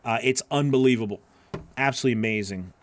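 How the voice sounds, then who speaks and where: A man's voice: medium pitch, quick pace, slight background noise. Earnest, encouraging male voice-over coach. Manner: earnest and encouraging, rambling with restarts. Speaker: voice-over coach hosting a live class. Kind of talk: live-stream Q&A, reading and answering chat questions.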